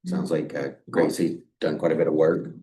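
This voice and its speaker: A man's voice: rumbling low, flat delivery, normal speed, mellow. A man, a town official at a committee meeting, speaking plainly with dry, sarcastic asides.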